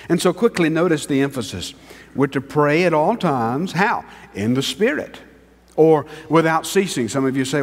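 Pastor preaching in a reverberant sanctuary. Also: male voice, mid-range voice, lively intonation. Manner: swings between hushed, drawn-out words and raised emphatic lines. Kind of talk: sermon.

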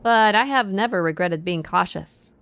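A woman's voice: medium pitch, normal speed, fairly bright tone, lightly acted. A woman voicing a cautious counselor woman who speaks in a tight, careful, slightly nervous way. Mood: guarded.

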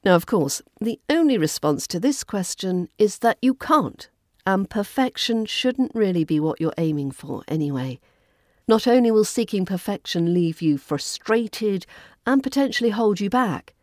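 RP English woman, podcast accent coach, mellow and measured, dry close mic. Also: fairly low pitch, no echo. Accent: Southern English RP. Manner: clear, measured teaching delivery. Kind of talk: scripted podcast lesson.

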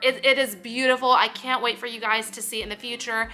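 A woman's voice: high-pitched, steady tone, moderate pace, hardly any pauses, sharp tone. A young woman, talking casually to camera, emotional and full of "like". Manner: emotional, choking up and laughing; filler-heavy, repeats "like". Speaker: vlogger.

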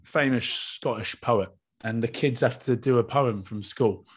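A man's voice: mid-range voice, a little slow, husky. Chatty joking man in his thirties. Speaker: co-host, rugby player. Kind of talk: casual chat.

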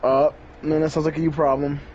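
A man's voice: on the high side, level tone, fairly quick, a little mellow, dull audio. A young man chatting casually during a game, teasing his friend and joking around. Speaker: gamer. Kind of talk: casual gaming chat.

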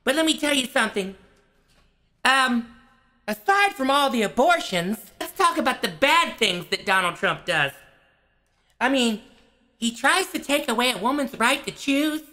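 A man's voice: extremely high pitch, animated, normal speed, sharp tone, heavily acted. A man playing a hot-tempered male parody TV host who rants, stammers and gets flustered. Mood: ranting. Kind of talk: comedic parody monologue.

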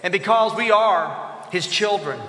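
A male pastor preaching a sermon in a church, animated, asking the congregation to answer his questions aloud. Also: high voice, measured pace. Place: church sanctuary. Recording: echoey church hall with long reverb.

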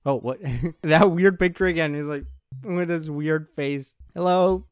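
A man giving let's play commentary, excitable and thinking aloud as he plays, laughing often. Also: a little high, a little slow, clean tone, no echo, clean studio sound. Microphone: headset.

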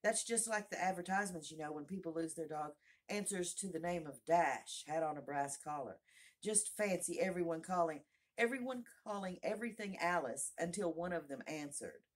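A woman's voice: fairly low pitch, normal speed, lightly acted. A woman voicing Alice, a curious young girl who rambles and muses aloud to herself, in a storybook reading. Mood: musing.

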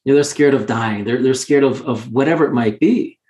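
Male interview guest, candid storyteller, emphatic with restarts, mid pitch, echoey room. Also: a little fast, mellow. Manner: earnest, emphatic, frequent restarts. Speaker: guest, mountain guide.

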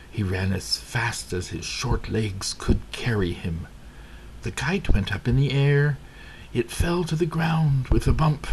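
A man narrating a children's storybook at an unhurried pace. His voice has a gravelly, creaky texture, and he reads every line with deliberate care. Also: fairly low pitch, slight background noise. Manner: slow, deliberate reading aloud. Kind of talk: scripted narration.

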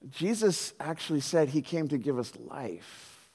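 Casting: male pastor with a slightly high voice, lively storytelling sermon, long hall reverb. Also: takes it slowly. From Southern California. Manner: animated storyteller, acts out quoted voices, many "like"s.

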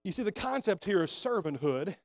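Man, high voice, pastor, sermon, calls for amens, church sanctuary. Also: very animated, brisk, soft background music. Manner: preaching with rising emphasis, calls for amens. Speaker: senior pastor.

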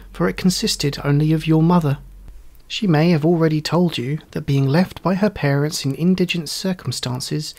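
Man reading an old story aloud, slightly high voice. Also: a little mellow.

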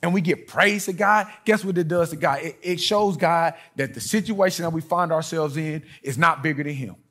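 Man, middle-aged, pastor preaching a sermon, husky voice, storytelling, loud-to-hushed swings. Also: a little high, moderate pace.

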